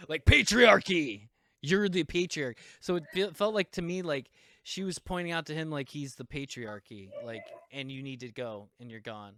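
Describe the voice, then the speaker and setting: A man's voice: medium pitch, normal speed, few pauses, fairly bright tone, clear, resonant tone, dry recording, clean studio sound. A man hosting a podcast, rambling casually with lots of fillers and laughs. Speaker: podcast host. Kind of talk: casual chat.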